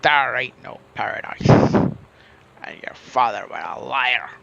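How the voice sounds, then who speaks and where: A man putting on a gruff taunting pirate. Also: medium pitch, animated, slow pace, a bit bright, pitched below the performer's own voice, exaggerated voice. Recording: muffled recording with faint noise.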